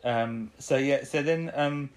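A woman's voice: extremely low pitch, slow pace. A woman co-hosting a podcast, casually recapping an episode, rambling and laughing often. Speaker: podcast co-host.

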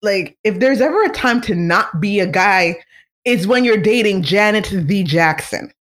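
Vlogger, casual fan chat, excitable, rambling, gushing, mid-pitched voice. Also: unhurried.

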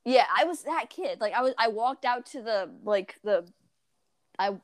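A teenage girl chatting casually, telling animated stories, acting out voices and giggling often. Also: fairly high pitch, moderate pace, no room sound. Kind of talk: casual chat.

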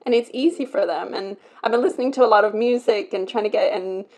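A woman's voice: mid-range voice, quick pace, darkish tone. A woman co-hosting a podcast in casual chat, open and chatty with lots of filler words. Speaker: podcast co-host.

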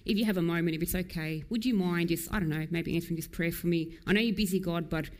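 A woman's voice: lowish voice, fast talker, darkish tone, natural voice. A woman preacher voicing a timid, overly polite person praying in a hesitant, apologetic way.

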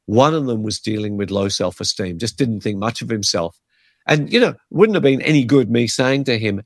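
A man's voice: medium pitch, lively intonation, normal speed, no room sound, studio quality. A man, a pastor teaching in a conversational, earnest way and giving numbered points. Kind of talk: podcast teaching on faith and health.

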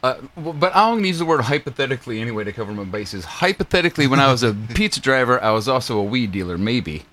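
A man's voice: mid-range voice, expressive, fast talker, fairly bright tone. A man with an ordinary mid-range voice talks casually as a podcast co-host. His storytelling is wry, profane and laid-back. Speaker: podcast co-host, former pizza worker.

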